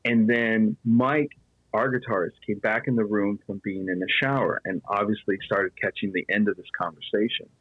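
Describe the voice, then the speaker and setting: A man with a husky, low voice tells a story in a loose, chatty way, peppered with "you know." The sound is flat and dull, like a lo-fi recording in a dead, dry space. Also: moderate pace, no room sound. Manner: conversational, fillers like "you know". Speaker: podcast guest telling a ghost story. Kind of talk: casual storytelling.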